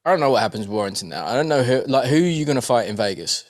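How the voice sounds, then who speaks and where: A man talking boxing in an easygoing podcast chat, lively and loose, quick to swear and to crack a joke. His voice sits in an ordinary middle register and is close and dry on the mic, with no room sound. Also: mid-range voice, dry recording. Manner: animated, swearing, jokey with mimicked voices. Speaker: podcast co-host.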